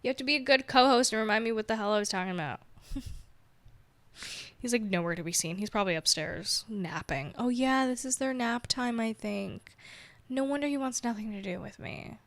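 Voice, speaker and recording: A woman's voice: on the high side, moderate pace, a bit bright, dry recording. A woman hosting her own podcast, chatting casually in a rambling, self-mocking way and laughing often. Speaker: podcast host. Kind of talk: casual solo chat.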